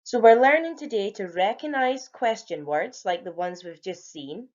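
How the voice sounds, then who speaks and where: A woman's voice: medium pitch, lively intonation, normal speed, muffled recording. Patient woman teaching young kids. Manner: clear, patient, encouraging classroom explaining. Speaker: primary school teacher. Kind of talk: home learning grammar lesson for young children.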